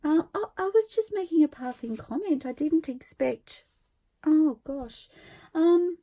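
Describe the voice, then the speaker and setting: A woman's voice: high voice, animated, measured pace. A middle-aged woman in a casual craft vlog, gushing and teary as she opens viewer mail. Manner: emotional, gushing, soft-spoken with laughs and sighs. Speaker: craft vlogger.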